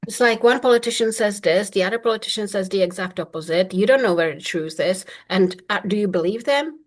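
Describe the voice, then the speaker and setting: A woman's voice: mid-range voice, brisk. A middle-aged woman coaching in a casual talk, blunt and emphatic, swearing freely. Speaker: manifestation coach.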